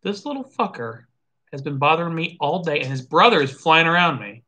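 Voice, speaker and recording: Brief: lively tasting-show host, bright tone, offhand swearing, thinks out loud. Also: mid-range voice, fairly quick. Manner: animated, swears casually, thinks aloud. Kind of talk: casual live tasting chat.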